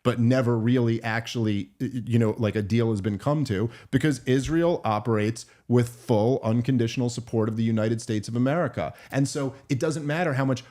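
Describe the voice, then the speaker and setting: A man in loose podcast conversation, opinionated and animated as he works through a political argument. His voice sits at an ordinary middle pitch, and he often restarts mid-sentence. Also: a little fast, hardly any pauses. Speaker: podcast host. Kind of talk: casual political chat.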